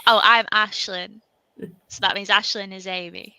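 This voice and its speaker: A woman guest chats playfully and eagerly over a video call. Her tone is bright and forward, and the sound is dry and close. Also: mid-range voice, steady tone, normal speed, clear, resonant tone, dry recording, low-quality recording. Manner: playful and enthusiastic. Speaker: guest, author. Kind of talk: casual chat on a video call.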